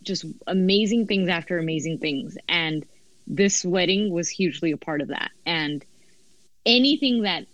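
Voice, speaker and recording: A woman who is a guest on a podcast, telling stories in an animated way and acting out her own reactions. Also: fairly low pitch, moderate pace, no echo, lo-fi sound. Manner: animated storyteller, acts out reactions. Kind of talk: casual review chat.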